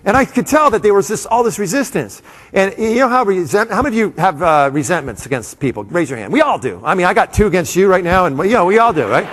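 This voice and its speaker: A man giving a live, comedic motivational talk to an audience, animated and full of quick asides to the crowd. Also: high-pitched. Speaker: motivational speaker. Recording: long hall reverb.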